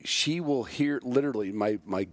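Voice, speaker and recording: A man's voice: medium pitch, normal speed. A man hosting a podcast interview in a friendly, chatty way, often stammering and restarting his sentences. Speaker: podcast host.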